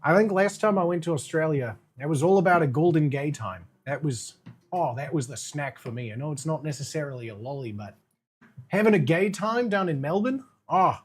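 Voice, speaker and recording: Streamer voice, casual live-stream chat, playful and giggly, mid-pitched. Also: lively intonation, brisk, a little hiss or hum. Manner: playful, chatty, talks to chat, laughs often; eating candy while standing.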